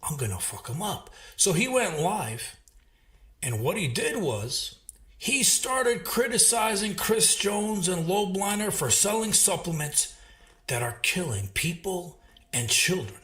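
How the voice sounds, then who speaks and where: Dude recapping drama, high lively voice, bright, echoey room. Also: male voice, slow pace. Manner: lively, storytelling recap, mocking. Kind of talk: recap narration.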